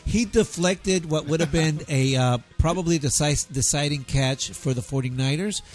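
A man's voice: a little high, moderate pace, soft background music. A man co-hosting a casual chat show, explaining a story at length. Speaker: co-host.

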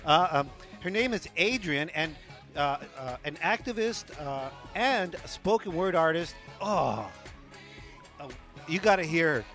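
Male co-host, crude jokester, lots of uhs, a bit higher pitch. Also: animated, a little slow, fairly bright tone, soft background music. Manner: joking, crude, hesitant with fillers. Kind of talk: casual radio show chat.

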